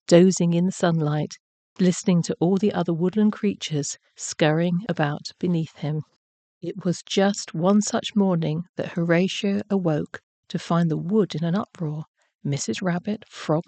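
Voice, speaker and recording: A woman narrating a children's bedtime story in a gentle, measured way. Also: fairly low pitch, no room sound.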